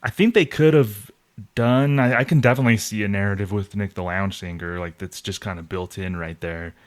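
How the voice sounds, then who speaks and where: A man co-hosting a podcast in relaxed casual chat, enthusiastic as he comments. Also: lowish voice, a little fast. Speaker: podcast co-host.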